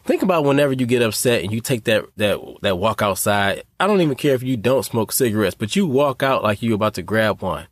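A man's voice: lowish voice, lively intonation, fairly quick, few pauses, no echo, clean studio sound. Earnest man giving podcast advice. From North Carolina. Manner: earnest, preachy, addresses listeners as y'all. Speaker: podcast host. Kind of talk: motivational podcast monologue.

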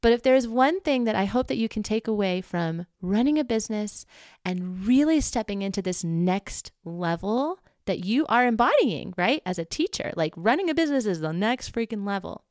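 Her voice is medium-pitched, animated and darkish in tone, moving at a moderate pace in a clean, dry studio recording. She's a young podcast host from the United States, chatting personally with listeners, laughing a lot and tossing in mild swears.

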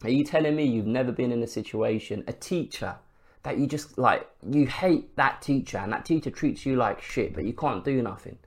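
A man's voice: medium pitch, normal speed. A man hosting a podcast, giving a casual sports commentary monologue full of rhetorical questions and swearing. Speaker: podcast host.

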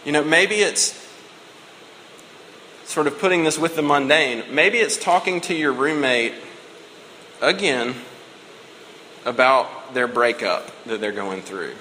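A man's voice: mid-range voice, slow, long pauses, bright, forceful tone, a little hiss or hum. A man in his thirties giving a conversational, emotional sermon as a pastor. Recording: reverberant hall with faint ambience.

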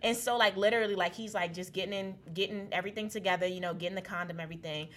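Young woman, guest, casual animated storyteller, laughs easily, acts out the voices she quotes. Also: medium pitch, rapid-fire. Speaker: guest telling her testimony.

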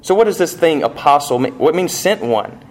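Animated male preacher, fairly high voice. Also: normal speed. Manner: animated preaching, rising emphasis and rhetorical questions. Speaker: pastor. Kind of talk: sermon.

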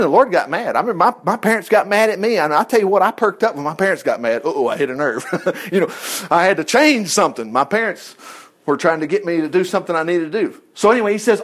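A middle-aged man preaching casually from scripture, joking and acting out the quoted lines. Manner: animated, jokey, acts out quoted lines with sudden pitch jumps. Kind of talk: conversational sermon, reading and commenting on scripture.

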